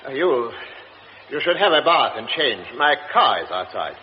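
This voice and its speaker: A man's voice: medium pitch, very animated, normal speed, close to an everyday voice. An actor playing a formal, insistent well-to-do man in a radio drama, with a stammering, earnest manner. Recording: dull old radio recording with hiss.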